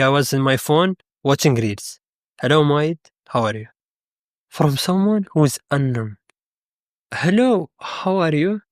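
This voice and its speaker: A man with a somewhat high voice gives an off-the-cuff motivational talk. He wanders through his story and keeps turning to ask the listener questions. His voice is recorded dry and close, with no room sound. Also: no echo. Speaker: motivational speaker.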